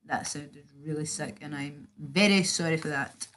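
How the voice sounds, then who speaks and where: Young British woman, casual live-stream chatter, lower register, loose and sweary. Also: normal speed, a bit bright, a little hiss or hum. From Britain. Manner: chatty, sweary, reads and answers chat. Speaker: livestreamer.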